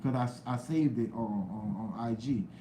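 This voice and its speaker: A young man chats casually on a live stream, drifting from topic to topic and calling out viewers by name. His voice is mellow and relaxed. The room echoes around him, with a faint hiss underneath. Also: lowish voice, normal speed. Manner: loose, rambling talk with slang and cursing, greets chat viewers loudly.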